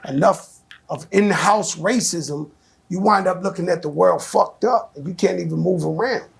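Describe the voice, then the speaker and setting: A man with a high, gravelly, husky voice talks as an interview guest. He is animated and blunt, swearing freely as he tells stories. His tone is heated and casual. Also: moderate pace. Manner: animated, profane, storytelling.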